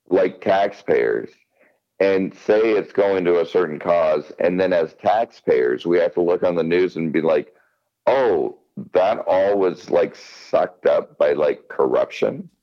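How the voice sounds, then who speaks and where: A man's voice: low-pitched, lively intonation, slow, gravelly, highs cut off. A man in casual podcast chat, rambling and swearing, often repeating himself. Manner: rambling, profane, repeats words.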